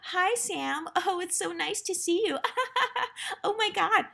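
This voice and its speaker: Woman doing a gushing flirty office woman, squealy falsetto, sing-song, giggly, much higher than her own voice. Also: expressive, slow pace, gravelly, pushed and bright, full character voice.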